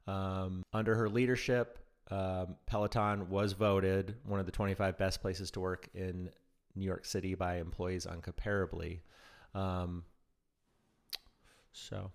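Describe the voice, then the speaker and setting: A man's voice: sits low, little pitch movement, vocal fry. A man co-hosting a casual news podcast, reading news with frequent ums and restarts. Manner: halting, many ums and restarts. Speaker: podcast co-host.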